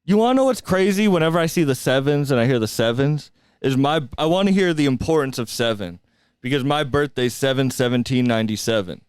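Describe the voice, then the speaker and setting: A man's voice: medium pitch, animated, a little fast, clean tone, no room sound. A man in his twenties, a stand-up comic hosting a podcast, chatting casually and laughing often. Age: 20s. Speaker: podcast host and stand-up comedian. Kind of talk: casual interview chat.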